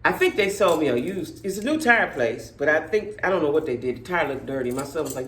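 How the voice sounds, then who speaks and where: A middle-aged woman, telling stories to her viewers in a blunt, profane, animated way. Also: low-pitched, fast, few pauses, echoey room. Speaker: vlogger. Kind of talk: casual storytelling rant to viewers.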